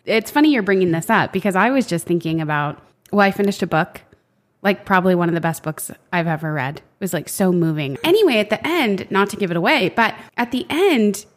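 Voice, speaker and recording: A woman co-hosting a faith podcast in casual chat, expressive and chatty with a friend. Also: medium pitch, brisk. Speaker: podcast co-host.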